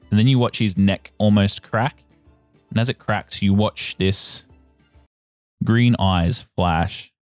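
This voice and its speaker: A man narrating as game master of a tabletop game, in steady descriptive narration. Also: deep voice, no room sound. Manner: steady, descriptive narration with repeated "you watch".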